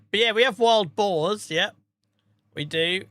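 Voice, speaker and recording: A man's voice: high voice, takes it slowly, fairly bright tone, no echo. A tired man chatting casually to viewers on a live stream, rambling, swearing freely and laughing at himself. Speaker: game streamer.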